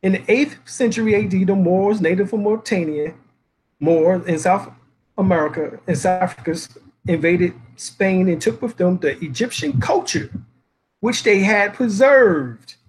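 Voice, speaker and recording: A man with a high-pitched voice delivers a lecture, citing dictionaries and spelling out words letter by letter. He talks emphatically and poses rhetorical questions to his listeners. A faint ambient hum sits behind him. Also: moderate pace, low-quality recording. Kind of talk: reading and explaining references.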